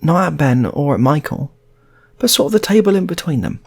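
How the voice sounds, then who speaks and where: A man's voice: on the high side, brisk, gravelly, breathy edge. A man in his forties improvising a story, restarting phrases as he goes. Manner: restarts phrases, animated delivery.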